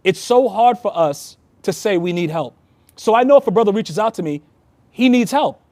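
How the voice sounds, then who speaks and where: High-voiced earnest New man. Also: expressive, normal speed, a little mellow, dry recording. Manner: earnest, heartfelt storytelling. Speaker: Freemason, past master. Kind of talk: casual conversation.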